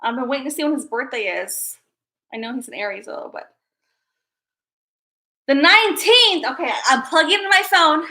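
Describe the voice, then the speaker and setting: A young woman chats to her viewers on a casual livestream, bubbly and easily excited. Her voice sits high and sounds bright and forceful. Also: fast. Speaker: livestream host.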